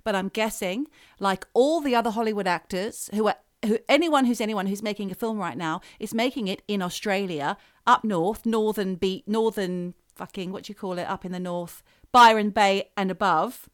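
A woman's voice: medium pitch, moderate pace, few pauses, dry recording, studio quality. A woman co-hosting a podcast in casual, playful chat, teasing her co-host.

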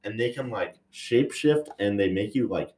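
A man's voice: lowish voice, expressive, normal speed, darkish tone, slight background noise. A man on a podcast chatting eagerly about spooky legends, rambling with many fillers. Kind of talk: casual chat. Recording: roomy echo.

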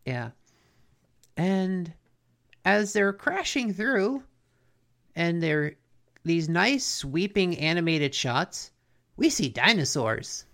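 A podcast co-host casually recapping a cartoon episode in a relaxed, rambling way, leaning on "like" and "basically". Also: mid-range voice, takes it slowly, creaky, long pauses.

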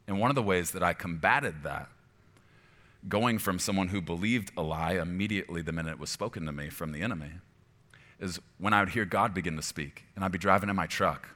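A man preaching a sermon as pastor, moving from quiet, reflective stretches to loud, high-pitched exhortation. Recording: long hall reverb.

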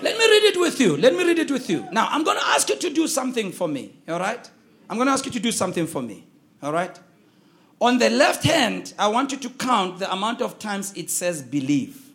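A man preaching a sermon, with emphatic call-and-response delivery and shouted key lines. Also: high voice, big pitch swings, brisk.

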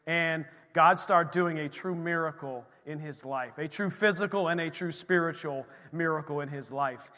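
Male pastor, slightly high, bright and emphatic, losing his voice, long church reverb. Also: normal speed, hardly any pauses. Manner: emphatic, exclaiming praise, frequent amens. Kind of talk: sermon. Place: church sanctuary.

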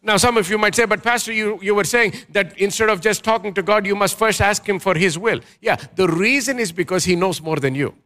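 A man's voice: high-pitched, a little fast, few pauses, sharp tone. A man preaching a sermon as pastor, emphatic, asking the congregation questions and leading call-and-response.

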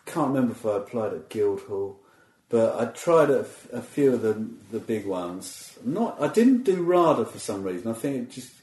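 A man's voice: mid-range voice, sing-song, moderate pace, mellow. A man, chatting as a comedian guest in a loose, self-deprecating way, often restarting his sentences. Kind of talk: casual interview chat. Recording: roomy echo.

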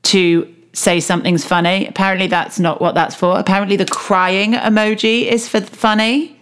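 A woman's voice: mid-range voice, fairly even intonation, moderate pace, a bit bright, clear, resonant tone. Chatty woman podcast co-host. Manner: chatty, candid, laughs often. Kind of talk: casual chat about reality TV.

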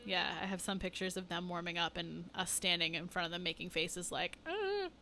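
Woman, podcast co-host, bright voice, laughs easily, quick agreeing replies, casual chat. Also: on the low side, completely flat delivery.

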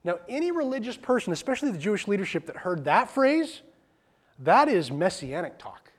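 A man preaching in a relaxed, conversational way, with casual asides. His voice sits high and swings widely in pitch as he talks. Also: fairly quick. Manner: animated, plain-spoken, drops into casual asides and acted quotes. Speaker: pastor. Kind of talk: conversational sermon.

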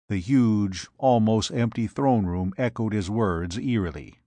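A man reading a pulp adventure aloud as narrator, with a measured, dramatic delivery. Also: fairly low pitch, dark tone, no echo. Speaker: audiobook narrator. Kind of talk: scripted narration.

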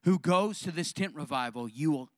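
A man preaching a sermon, voicing a harsh, menacing overseer in a low, threatening tone. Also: lively intonation, moderate pace, a little mellow, dry recording, clean studio sound, natural voice.

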